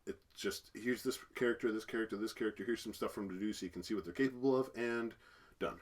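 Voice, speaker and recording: A man's voice: fairly low pitch, quick pace, slightly rough. A man co-hosting a casual talk about a cartoon episode, laughing often and trailing off to restart his sentences. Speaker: podcast co-host. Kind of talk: casual chat.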